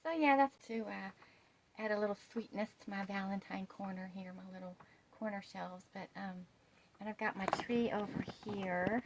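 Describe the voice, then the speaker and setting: A woman chatting casually through a home decor haul, gushing and soft-spoken, often dropping to a hush. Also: mid-range voice, noisy background. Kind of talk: casual shopping haul chat.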